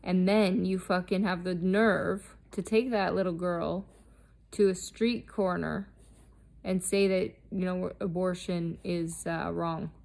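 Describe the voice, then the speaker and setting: A woman speaks in a low voice with a gravelly, fry-laced edge, holding her pitch fairly flat. She talks straight to camera in an unscripted monologue, blunt and heavily profane. Her delivery is intense and defiant. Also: slow. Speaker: vlogger.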